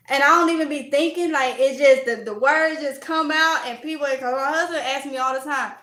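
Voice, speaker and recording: A woman from Mississippi with a Mississippi accent, chatting loudly and outspokenly as a vlogger answering viewer comments. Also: high voice, moderate pace. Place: at home while organizing. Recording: echoey room.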